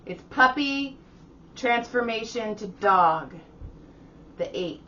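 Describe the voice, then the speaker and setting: A woman with a bright, sharp voice trading teasing banter and laughs on a casual podcast. She sits away from the mic in a garage, and the sound is muffled with faint noise behind her. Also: fairly high pitch, animated, slow pace, distant mic. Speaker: podcast co-host. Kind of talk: casual chat. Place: home garage.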